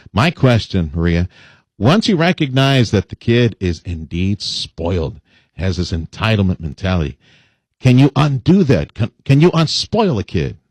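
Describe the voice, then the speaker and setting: A man's voice: low voice, a little mellow, dry recording. A man hosting a morning news show, asking punchy questions. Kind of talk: TV news interview.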